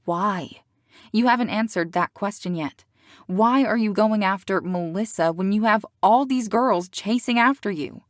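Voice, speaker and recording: A woman reading an audiobook, voicing a sharp, protective teenage girl who snaps at a boy she cannot stand. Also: medium pitch, normal speed, dry recording, clean studio sound, natural voice. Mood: irritated. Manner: snappish, through gritted teeth.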